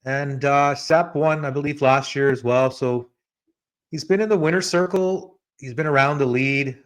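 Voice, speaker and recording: A man hosting a podcast in a relaxed, chatty way, talking straight to his co-host. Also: mid-range voice, moderate pace. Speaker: podcast host giving betting picks. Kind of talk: casual podcast chat.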